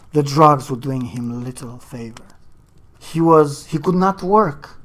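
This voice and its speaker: A storyteller retelling a short story in their own words, haltingly, with restarts and pauses. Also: mid-range voice.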